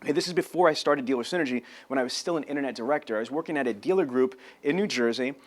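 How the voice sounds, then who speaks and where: A man giving an energetic sales training talk on camera, telling stories and acting out phone calls. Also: medium pitch, very fast. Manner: animated storyteller, acts out phone calls.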